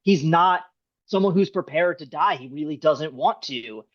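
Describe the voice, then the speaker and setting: A man's voice: a little high, normal speed. A man, a screenwriter, talking casually in an interview, rambling with many restarts. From United States. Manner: rambling, restarts often, animated. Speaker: screenwriter guest. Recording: dull lo-fi sound.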